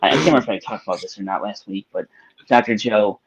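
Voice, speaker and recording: A man co-hosts a spiritual live-stream discussion, speaking fast in a lowish voice with a breathy edge. He's reflective and tells stories in long, winding sentences. The audio quality is poor.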